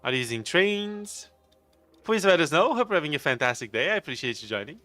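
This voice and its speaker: A man's voice: a little high, big pitch swings, a little fast, pushed and bright, no room sound, soft background music. A man live streaming a game, chatting casually with viewers, greeting them by name and laughing often in a playful, rambling way. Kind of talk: casual live stream chat while gaming.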